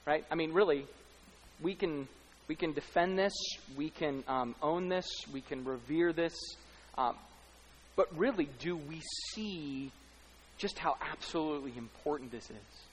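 A man's voice: fairly high pitch, a little slow, a little hiss or hum. A man preaching a sermon as pastor, speaking emphatically, building runs of repeated lines and rhetorical questions. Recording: long hall reverb.

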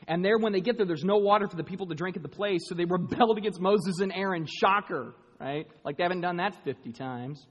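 Male pastor, high and animated, sermon in a reverberant hall. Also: quick pace, few pauses, muffled recording. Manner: animated, rising to loud emphatic bursts.

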